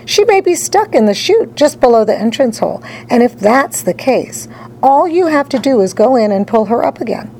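A woman voicing a calm, breezy, whimsical man who owns a candy factory in a storybook reading. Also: a little high, moderate pace, slight background noise, rough recording.

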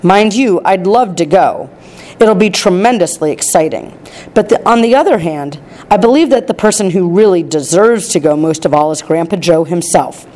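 A woman voicing a gentle, nervous father in a storybook reading, speaking carefully and evenly. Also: high-pitched, animated. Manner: careful, measured reading aloud.

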